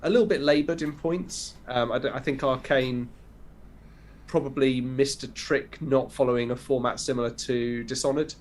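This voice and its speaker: A man's voice: medium pitch, fairly even intonation, normal speed. A man co-hosting a podcast, chatting casually and rambling through a rundown of video games. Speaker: podcast co-host. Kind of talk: casual chat.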